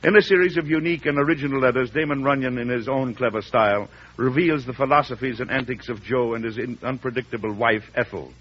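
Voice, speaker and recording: A man's voice: mid-range voice, quick pace, breathy edge. A man announcing in formal, declamatory style for a 1930s radio show. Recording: dull old radio with faint hum.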